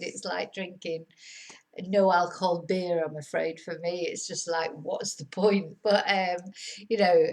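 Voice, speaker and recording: A middle-aged woman gives a relaxed spoken lesson. She talks in a chatty, meandering way, full of fillers and small laughs. Her voice sits a little low. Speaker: Spanish teacher on own channel.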